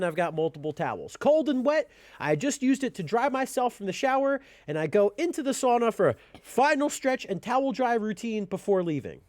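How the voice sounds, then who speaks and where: A young man ranting in a commentary vlog, blunt, profane and animated. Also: high voice, no echo, clean studio sound. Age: young adult. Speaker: YouTuber.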